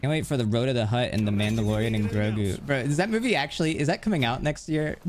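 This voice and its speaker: A man's voice: medium pitch, animated, fast, a little mellow, slight background noise. A man live streaming in casual chat, rambling and stringing thoughts together with constant fillers. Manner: rambling, heavy use of "like" fillers. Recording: music playing underneath.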